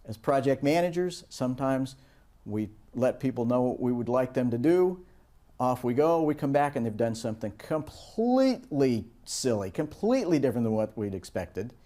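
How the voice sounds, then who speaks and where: A man teaching a course on project management, giving a lecture and bringing it to life with animated anecdotes. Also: medium pitch, moderate pace. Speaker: course instructor. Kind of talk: lecture with storytelling.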